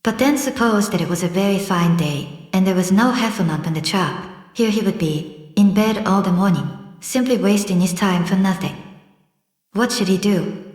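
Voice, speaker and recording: Gentle woman reading a storybook aloud. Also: medium pitch, normal speed. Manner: gentle, describes pictures aloud. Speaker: audiobook narrator. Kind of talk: scripted storybook narration. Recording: roomy echo.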